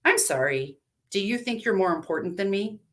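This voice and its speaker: A woman's voice: medium pitch, lively intonation, moderate pace, lightly acted. A woman playing a furious, worn-out woman at breaking point. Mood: angry. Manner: clipped, bitter, rising to shouting. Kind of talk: live story reading.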